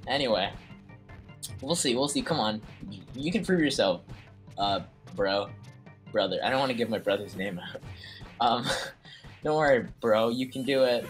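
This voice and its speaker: Excitable young guy calling a game. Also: medium pitch, normal speed, long pauses, soft background music. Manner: excitable, slangy, swears a lot. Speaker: stream commentator. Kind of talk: casual game commentary.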